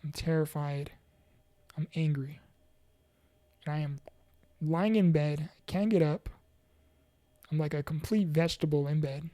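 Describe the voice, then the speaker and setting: A woman giving an earnest, heartfelt personal testimony about mental health and faith, halting now and then with fillers and restarts. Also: sits low, dark tone, no room sound. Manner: preachy, faith-focused encouragement. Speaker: motivational speaker.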